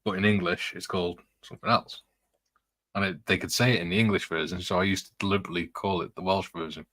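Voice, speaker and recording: A man's voice: deep voice, fairly even intonation, quick pace, pushed and bright, dry recording. A man hosting a casual chat, reading out comments and telling rambling stories, laughing often. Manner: chatty, rambling anecdotes with frequent laughs. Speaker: host reading viewer comments.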